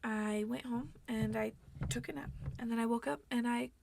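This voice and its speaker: A young woman vlogger rambling through an emotional personal monologue, soft and tearful, with many fillers. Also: a little high, steady tone, moderate pace, gravelly, background noise.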